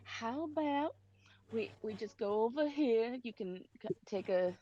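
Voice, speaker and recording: A caring, motherly adventurer coaxes a friend gently, played by a woman at the table. Her slightly high voice moves a lot in pitch. The sound is dull and lo-fi. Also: lively intonation, measured pace. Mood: soothing. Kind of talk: tabletop role-play.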